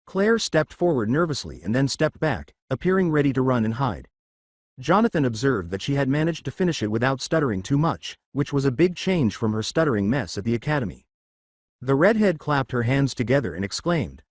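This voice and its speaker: A man narrating a fan fiction story in a steady storytelling manner. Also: mid-range voice, a little fast, no echo, clean studio sound.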